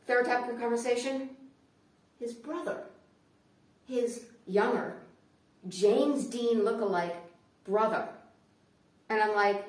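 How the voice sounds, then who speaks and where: A woman performing a sarcastic stand-up comedy monologue, swinging from hushed asides to loud outbursts. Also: fairly high pitch, slow, pauses often, very echoey, far from the mic.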